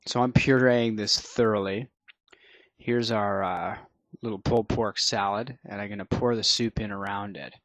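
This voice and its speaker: A man hosting a cooking show, explaining each step in a relaxed way with frequent fillers. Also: fairly low pitch, normal speed, dry recording. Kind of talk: cooking demonstration.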